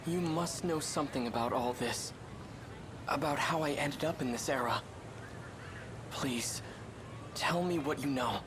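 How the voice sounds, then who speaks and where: A man's voice: medium pitch, a little slow, pauses often, background noise, close to an everyday voice. An actor voicing an earnest young man displaced from 1945, speaking in a pleading, sincere way in a video game.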